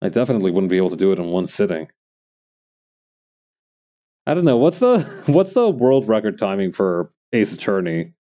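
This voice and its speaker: Rambling low-voiced male streamer. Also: big pitch swings, normal speed, pauses often, dark tone. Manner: rambling, thinking aloud to viewers. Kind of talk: casual chat while crafting.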